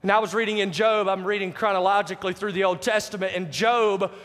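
A man's voice: high voice, steady tone, fast talker, a bit bright. A man preaching a sermon, emphatic, repeating key phrases and putting questions to the congregation. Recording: long hall reverb.

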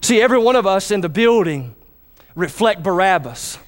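A man's voice: sits high, animated, moderate pace. A man preaching a sermon in church who calls for responses from the congregation.

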